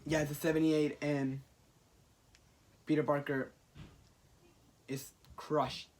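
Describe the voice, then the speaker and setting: A man on a podcast, casually retelling a comic storyline and acting out the characters' lines in excited bursts. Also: fairly high pitch, slow. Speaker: podcast co-host recapping a comic. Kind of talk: casual chat.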